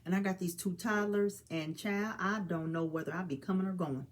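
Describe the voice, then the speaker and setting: Woman in her forties, low-pitched, earnest and preachy direct address, warm "honey" asides. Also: moderate pace. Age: 40s. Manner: earnest, preachy, calls listener honey and child. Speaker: mother speaking on suicide awareness. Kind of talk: heartfelt direct-to-camera talk.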